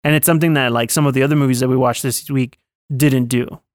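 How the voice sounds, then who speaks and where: A man's voice: mid-range voice, fast talker, dry recording, clean studio sound. A man co-hosting a podcast, chatting casually about a film and acting out lines from it as he retells it. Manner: animated storytelling, acting out quotes. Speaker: podcast co-host. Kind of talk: casual chat reviewing a film.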